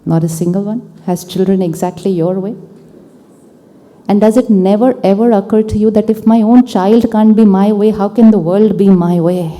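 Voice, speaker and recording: A woman giving a calm spiritual talk to an audience, repeating key phrases and acting out quoted dialogue. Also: medium pitch, moderate pace. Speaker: spiritual teacher. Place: large hall with an audience. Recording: long hall reverb.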